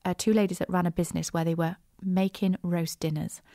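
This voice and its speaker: A woman hosting a business podcast, chatty and animated, with frequent asides and restarts. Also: fairly low pitch, fairly quick, no room sound, studio quality. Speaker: podcast host, business coach. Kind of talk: casual solo podcast talk.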